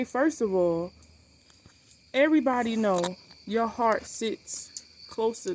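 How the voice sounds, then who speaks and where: In her vlog about cancer treatment, a medium-pitched woman tells her story with blunt, animated energy, swearing openly and restating points for emphasis. There is a little hiss or hum in the recording.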